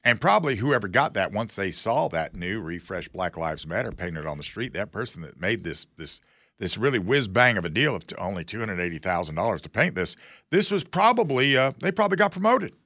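A man's voice: lowish voice, big pitch swings, a little fast, pushed and bright, dry recording, studio quality. A man hosting a talk show, giving casual political commentary in a sarcastic, folksy, mocking way.

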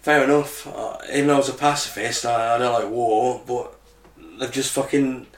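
A man's voice: mid-range voice, fairly even intonation, moderate pace, roomy sound. A man co-hosting a podcast in casual chat, easygoing and trusting. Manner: easygoing, trusting, says "innit". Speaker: podcast co-host.

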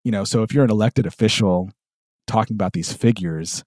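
A man's voice: fairly low pitch, a little fast, darkish tone, dry recording, studio quality. Southern man reading articles aloud on a podcast. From American South. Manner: reads quotes aloud from articles, many fillers. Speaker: podcast co-host. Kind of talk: casual discussion podcast.

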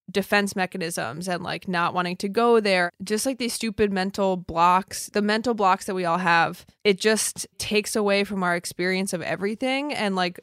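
A woman's voice: on the low side, clear, resonant tone, dry recording, clean studio sound. A young woman hosting a casual chat, talking in an earnest, reflective way with many filler words.

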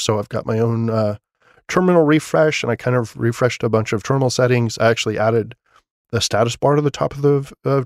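Solo podcast host, male, mid-pitched, loose and chatty, dry close mic. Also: no echo. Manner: casual, rambling, many fillers and restarts; enthusiastic about his setup.

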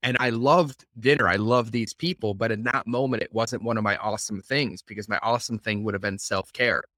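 A man's voice: on the low side, a little fast, bright, forceful tone, no echo, studio quality. A man hosting a casual podcast conversation, talking energetically and repeating words for emphasis. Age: adult, working professional. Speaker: podcast host.

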